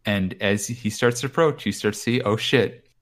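A podcast co-host with a fairly low voice talks briskly while recapping a wrestling show. It's loose, rambling chat full of swearing, with him paraphrasing the promos.

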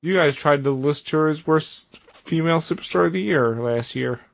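A man's voice: a little high, normal speed, gravelly. A man co-hosting a casual podcast, an eager fan who gets defensive. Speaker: podcast co-host. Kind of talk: casual wrestling chat.

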